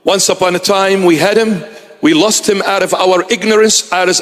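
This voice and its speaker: A man preaching a sermon in a slow, emphatic way, with dramatic repetition of his phrases. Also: sits high, fairly even intonation, a bit bright. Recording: long reverb of a large hall.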